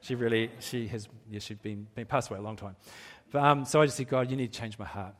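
A middle-aged pastor preaches a sermon to his congregation in a church hall, his middle-pitched voice steady and fast. Candid and self-deprecating, he chuckles at his own admissions and stumbles through restarts.

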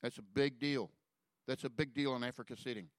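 A man telling a personal story in a sermon, earnest and halting, often trailing off softly before lifting into exhortation. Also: mid-range voice, steady tone, dry recording. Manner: earnest storytelling, halting restarts, soft drops in volume. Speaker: preacher. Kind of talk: sermon testimony.

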